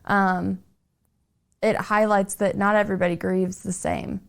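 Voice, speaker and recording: Flat-toned woman podcast host. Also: mid-range voice, unhurried, vocal fry. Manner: empathetic, reflective, restates guest's feelings. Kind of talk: conversational interview.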